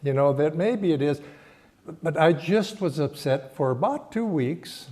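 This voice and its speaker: An older man giving a Sunday sermon and telling a personal story in a reflective, halting way, often restarting his phrases. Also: on the high side, expressive. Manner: slow, reflective, halting phrasing with frequent restarts and soft laughs. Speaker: spiritual teacher giving a Sunday talk.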